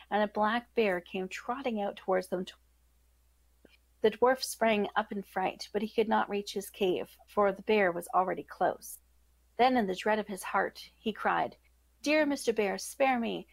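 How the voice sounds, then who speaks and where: A woman podcast host reading a fairytale aloud in a steady storybook manner. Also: medium pitch, measured pace, vocal fry, no room sound, low-quality recording. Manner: steady storybook narration with self-corrections.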